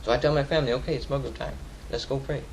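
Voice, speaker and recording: A young man giving a Friday sermon in casual slang, repeating lines for emphasis and swinging from loud urging to soft storytelling. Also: medium pitch, fairly even intonation, very fast, gravelly, a little hiss or hum, rough recording. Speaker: khutbah speaker.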